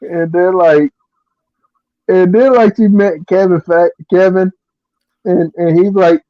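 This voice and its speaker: A man's voice: high voice, fairly even intonation, slow pace, pauses often, no room sound. A man co-hosting a podcast, chatting casually in a rambling way and laughing often. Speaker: podcast co-host. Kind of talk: casual chat. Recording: dull, lo-fi dry sound.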